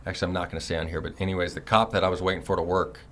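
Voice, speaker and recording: A man's voice: low voice, level tone, racing, fairly bright tone. A man in his thirties telling a long story in a casual, rambling way, full of swearing and "you know"s. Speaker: son recounting his prison years.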